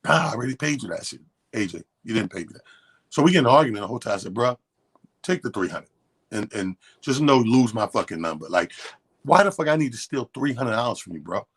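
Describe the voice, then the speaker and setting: A man's voice: medium pitch, lively intonation, fast, husky. A man co-hosting a radio show, telling a long, profane story in casual chat and acting out both sides of the quotes. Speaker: radio co-host. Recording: radio studio.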